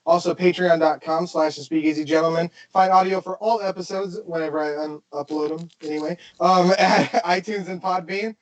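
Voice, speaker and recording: High-voiced male podcast host. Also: steady tone, a little fast, hardly any pauses, low-quality recording. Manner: loose and profane, wraps up with show plugs. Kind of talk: casual podcast chat.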